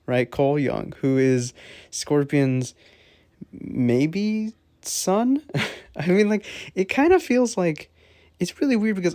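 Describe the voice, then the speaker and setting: A man's voice: a little high, darkish tone, no echo. A man co-hosting a casual, rambling movie review, full of fillers and frequent laughter. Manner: rambling, lots of 'like', laughs often. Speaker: film reviewer, co-host.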